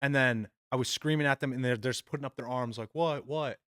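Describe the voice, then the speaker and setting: A man's voice: medium pitch, fast talker, no echo, studio quality. A young man on a podcast, casually telling a story with lots of swearing, "dude" and "like.". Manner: animated, swearing, frequent "dude" and "like". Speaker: podcast co-host.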